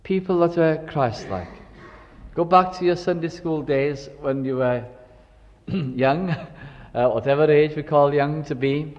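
An older man preaching a reflective sermon, drifting into gentle stories. His voice sits fairly high for a man. The recording is dull and carries a long hall reverb. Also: steady tone, takes it slowly. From Wales. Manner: reflective, storytelling, warm asides.

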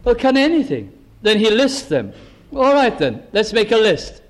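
A man preaching a sermon, working deliberately through rhetorical questions and drawn-out lists of words. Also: high-pitched, big pitch swings.

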